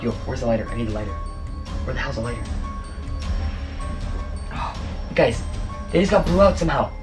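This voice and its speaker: A young man filming a ghost hunt in his own bedroom, blurting frantic, swearing exclamations and dropping into hushed whispers. His voice sits at an ordinary middle pitch for a man, with faint music behind him. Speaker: vlogger. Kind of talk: ghost-hunting vlog.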